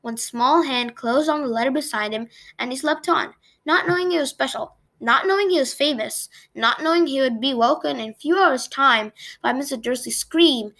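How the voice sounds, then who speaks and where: Gravelly woman reading a story aloud. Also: sits high, normal speed, few pauses, sharp tone. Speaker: read-aloud channel host.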